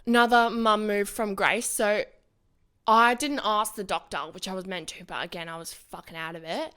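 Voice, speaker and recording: Young woman, podcast co-host; casual, animated, sweary delivery. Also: medium pitch, normal speed, smooth. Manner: swears often, animated storytelling. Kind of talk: casual chat.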